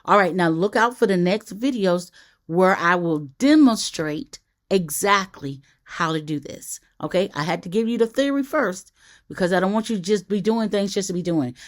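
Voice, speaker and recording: A woman's voice: lowish voice, normal speed. A woman teacher giving an online lesson. She talks emphatically, repeats her key points and keeps checking in with "okay?". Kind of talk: livestreamed lesson.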